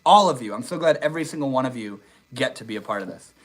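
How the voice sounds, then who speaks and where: A young man hosting a casual live stream, reading viewer comments aloud in a relaxed, swear-heavy way. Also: medium pitch, fast talker, rough recording. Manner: laid-back, swears casually, says dude and bro a lot. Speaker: livestream host. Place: outdoors in the desert.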